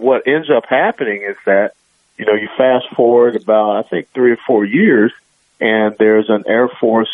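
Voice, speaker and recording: A man's voice: mid-range voice, dry recording. A man as a radio interview guest, talking in an emphatic, earnest way over a phone line.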